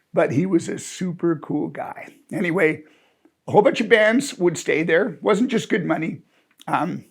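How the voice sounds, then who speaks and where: A man's voice: on the high side, creaky, slightly rough. A man in his sixties telling an amused, rambling personal anecdote in a chatty way. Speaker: storyteller. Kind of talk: casual anecdote.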